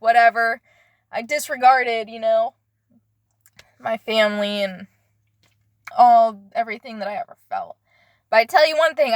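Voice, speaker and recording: A young woman with a slightly high voice shares a personal story in a confessional way. She is earnest and halting, stopping often to search for her words. The sound is close and dry, with no room behind it. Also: no echo.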